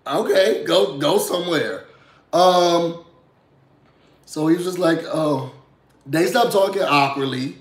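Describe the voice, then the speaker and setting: A man with a hoarse voice from feeling under the weather, chatting casually and sassily as he recaps a reality TV episode and checks in with viewers. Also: a little high, unhurried, pauses often, echoey room. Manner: chatty, sassy, asks "you know what I'm saying?".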